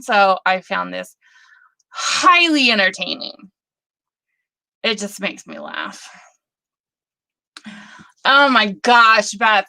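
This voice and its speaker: A middle-aged woman hosting a live stream, chatting and gushing excitedly over viewers' projects in a rambling way. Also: on the high side, dry recording. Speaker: host.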